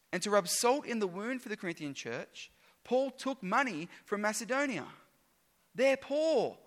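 A man's voice: sits high, a bit bright, big-room sound. A man preaching a sermon, reading scripture aloud with emphatic, sometimes sarcastic delivery.

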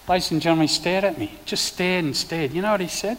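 An Australian man, a preacher and former police officer, telling a vivid testimony in a sermon with sudden loud bursts. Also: sits high, quick pace, few pauses, in a large hall.

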